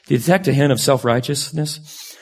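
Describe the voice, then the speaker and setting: A man giving a sermon as a pastor, talking in a candid, conversational way with sudden lively jumps in pitch. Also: a little fast. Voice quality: gravelly and husky.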